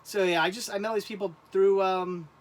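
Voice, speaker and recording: A man hosting a casual livestream, talking in halting, rambling bursts and laughing often. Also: sits high, steady tone. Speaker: livestream host.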